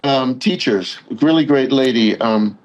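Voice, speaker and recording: A man from Long Island, New York, calls in as a guest on a talk show, his mid-range voice coming through a low-quality phone line at a slightly slow pace. He chats casually, sounding hesitant and agreeable and using lots of fillers.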